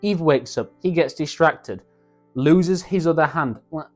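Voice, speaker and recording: A young man excitedly recapping a show in casual slang, acting out the characters' lines as he goes. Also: fairly high pitch, measured pace, faint music behind. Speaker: YouTube reviewer.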